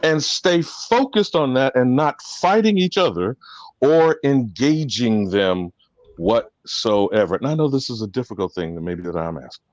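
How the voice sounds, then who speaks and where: A man giving impassioned commentary, preachy and emphatic, his voice swinging from loud to soft. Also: mid-range voice, lively intonation, a little slow, no echo, lo-fi sound.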